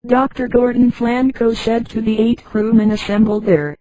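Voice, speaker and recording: Tts lady narrating a scifi story, flat, mellow, dry. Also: on the high side, normal speed, no room sound, rough recording. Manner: flat synthetic reading, reads punctuation aloud.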